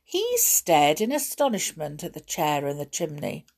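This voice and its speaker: A woman reading a children's storybook aloud in an expressive, measured storytelling manner. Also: sits low.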